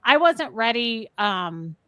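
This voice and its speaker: A woman co-hosting a casual live stream, telling a story with animated energy and thanking viewers by name. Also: on the high side, slow, no room sound, studio quality.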